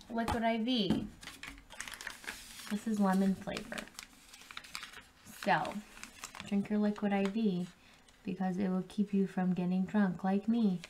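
A woman's voice: mid-range voice, slight background noise. A young woman at home chatting casually on camera, reviewing drinks, rambling and swearing freely. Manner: laid-back, swears freely, rambling with many ums. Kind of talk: casual profane vlog chat.

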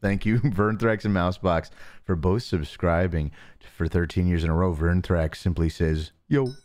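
A man hosting a live stream, chatting casually with viewers and talking softly close to the mic to save his voice. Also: deep voice, steady tone, normal speed, a little hiss or hum. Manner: joking, reads chat names aloud. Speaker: livestream host.

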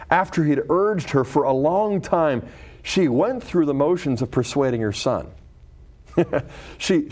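A man teaching a Bible lesson, retelling a scripture story in an expressive, dramatic storytelling way. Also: mid-range voice.

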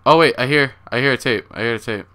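A man's voice: medium pitch, fast, sharp tone, clear, resonant tone. A young man hosting a horror game playthrough, jumpy and swearing a lot as he talks to his viewers. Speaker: gaming channel host.

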